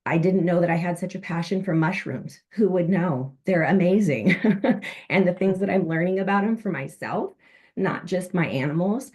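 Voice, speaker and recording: A woman with a notably low voice gives a heartfelt testimonial over a video call. She speaks earnestly and fills her pauses with "um". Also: a little mellow. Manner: earnest, with frequent fillers. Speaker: panel speaker, former insurance worker.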